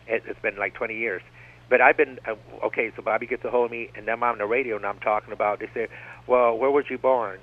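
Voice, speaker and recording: A man's voice: medium pitch, fairly even intonation, fast talker. Man, rambling radio guest, keeps circling back, tinny phone-line broadcast. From United States. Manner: rambling, digressive, repeats "like I said".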